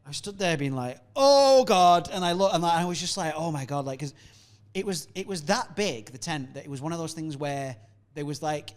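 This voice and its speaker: A man chatting casually as a guest comedian on a podcast, telling stories in an animated way with frequent laughs and acted-out quotes, often stammering and restarting. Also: on the high side, brisk.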